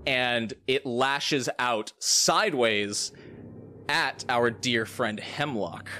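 A man's voice: medium pitch, extremely slow, pushed and bright, slight background noise. A man running a tabletop game as game master, narrating scenes vividly and with suspense. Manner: vivid, suspenseful description with playful asides.

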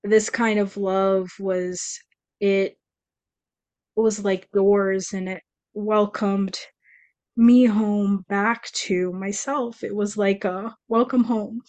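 A woman's voice: medium pitch, steady tone, darkish tone, dry recording. A woman co-hosting a podcast, speaking candidly and earnestly, often restarting her sentences. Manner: earnest, emotional, halting with restarts. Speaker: podcast co-host.

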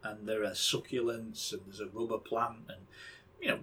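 A man's voice: fairly low pitch, steady tone, normal speed, a bit bright, breathy edge. A middle-aged man, co-hosting a podcast in casual chat and rambling, often repeating words as he starts a sentence. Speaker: podcast co-host.

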